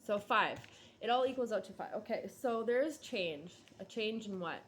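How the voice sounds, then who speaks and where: A woman's voice: mid-range voice, expressive, slight background noise. A woman giving a casual tarot reading, musing and hesitant, drowsy and yawning. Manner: slow, musing, hesitant with many ums and likes. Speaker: tarot reader.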